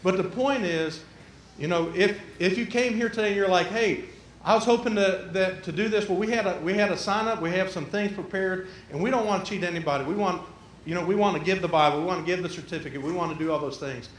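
A man's voice: sits high, fast talker, a little hiss or hum. A man preaching a sermon, folksy and conversational, with a church's roomy echo. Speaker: pastor. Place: church sanctuary.

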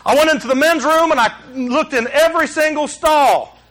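A man, preaching a sermon and telling personal stories in an animated way, acting out shouts and dialogue. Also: very high-pitched, moderate pace, noisy background. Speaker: pastor.

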